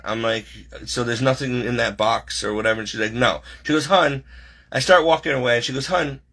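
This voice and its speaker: A man's voice: mid-range voice, fast talker, a bit bright. A man telling a personal story over a video call, rambling with many fillers and restarts.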